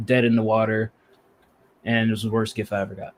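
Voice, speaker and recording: A man's voice: lowish voice, level tone, brisk, slight background noise. A man from the American South who is a rapper, co-hosting a podcast in casual chat and telling stories in a dry, matter-of-fact way.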